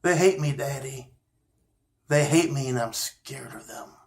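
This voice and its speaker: A man's voice: measured pace, vocal fry, darkish tone. A man voicing a frightened eight-year-old boy in a storytelling video, pleading in a raised voice. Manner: high pleading child voice.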